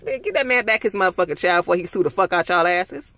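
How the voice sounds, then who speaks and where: A man's voice: high-pitched, animated, fast, pushed and bright, no room sound. A young man ranting through a casual TV episode review, heated and full of profanity. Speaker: TV show reviewer.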